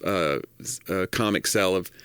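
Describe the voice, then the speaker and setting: A man's voice: low-pitched, moderate pace, a bit bright, clear, resonant tone, no room sound. A man in his fifties, a podcast co-host chatting casually and telling jokes with a laugh. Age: 50s. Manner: laughing storyteller who tells jokes. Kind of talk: casual chat.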